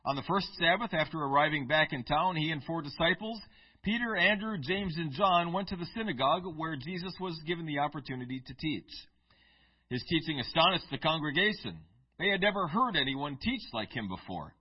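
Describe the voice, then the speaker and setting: A male pastor with a somewhat high, husky voice reads scripture and preaches in a conversational storytelling manner. The sound is dull and lo-fi. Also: animated, fairly quick. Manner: reads scripture in King James style, then preaches conversationally with asides. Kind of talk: sermon with scripture reading.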